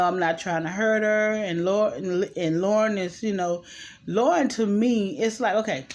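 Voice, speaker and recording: A woman's voice: mid-range voice, a little mellow. A woman recapping a TV episode in a chatty, opinionated way, full of asides and fillers. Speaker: TV episode reviewer. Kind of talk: casual recap commentary.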